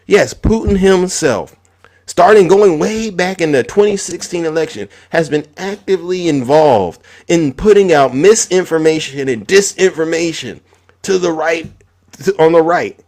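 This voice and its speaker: A man's voice: fairly high pitch, expressive, moderate pace. Heated, preachy male political streamer. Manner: preachy, repeats words, mocking.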